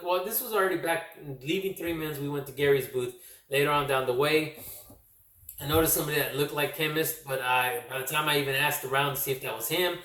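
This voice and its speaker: A man from California telling a casual vlog recap, rambling and correcting himself, his voice slightly worn from yelling. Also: medium pitch. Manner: rambling, self-correcting storyteller. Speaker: comic book vlogger. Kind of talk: casual recap talk to camera. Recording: echoey room.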